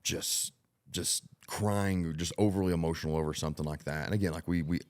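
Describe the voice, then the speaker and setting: A man in his thirties hosting a casual podcast, thinking out loud in a reflective way and leaning on "like" as he goes. His voice is extremely deep. He sounds like he is speaking into a studio mic. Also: fairly even intonation, fairly quick. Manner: reflective, thinks aloud with many "like" fillers. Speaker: podcast host.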